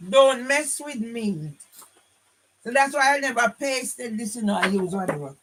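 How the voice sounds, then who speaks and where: A woman's voice: on the high side, expressive, measured pace, poor audio. Older woman, combative rambling vlog. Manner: combative, repeats tag question "yeah?"; rambling, restarts lines. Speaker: vlogger. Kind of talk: casual monologue to camera.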